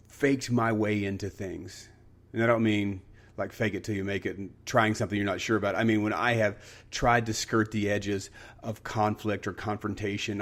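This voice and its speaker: A man hosting a podcast, talking earnestly in a casual motivational monologue and telling a story. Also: on the low side. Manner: earnest, storytelling, frequent restarts. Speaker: podcast host.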